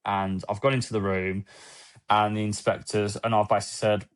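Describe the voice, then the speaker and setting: A man, a former police officer, gives a candid, emotional personal account in a podcast interview, with halting restarts, quoted dialogue and casual swearing. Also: on the low side, flat delivery, clean tone.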